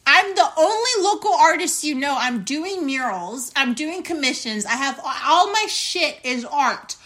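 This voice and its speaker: A young woman with a bright, ringing voice that sits a little high, telling a story on her podcast. She talks bluntly and indignantly and swears freely. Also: lively intonation, measured pace. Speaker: podcast host.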